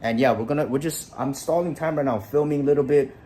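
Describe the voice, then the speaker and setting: A man's voice: a little high, fast talker, dark tone, a little hiss or hum. A young man ranting casually and bluntly to camera about communication, swearing often and tagging "right?" onto his sentences. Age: young adult. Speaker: motivational vlogger. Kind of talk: casual motivational rant to camera. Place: bedroom, then walking outdoors on a street.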